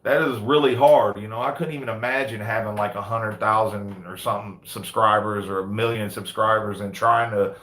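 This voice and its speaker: A man in his thirties, a dog breeder hosting a livestream, talks casually indoors under big lights, peppering his speech with "man" and "you know what I mean." His voice sits on the low side with fairly even intonation, moving at a moderate pace with hardly any pauses. The tone is a bit bright and the room sounds roomy.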